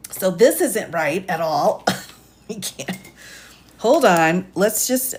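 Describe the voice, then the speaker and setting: A woman's voice: fairly low pitch, animated, slow, long pauses, husky. A woman attorney reading a court filing aloud on a live stream. She stops again and again to sigh, reread lines and ask "what?" in disbelief. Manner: incredulous, interrupts her reading with sighs and "what?"; breaks long sentences apart and rereads them aloud.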